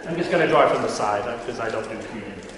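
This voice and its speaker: A man's voice: medium pitch, expressive, racing. A man giving an informal classroom lecture, chatty and constantly checking in with his listeners. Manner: chatty, checks in often with "right?". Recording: echoey hall, faint room noise.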